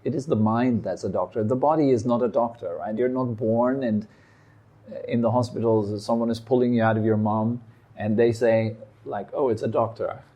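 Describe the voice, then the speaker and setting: Calm, mellow-voiced male meditation teacher. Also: medium pitch, dull audio. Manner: calm, reflective, speaks in short phrases with pauses. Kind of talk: dharma talk. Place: meditation hall.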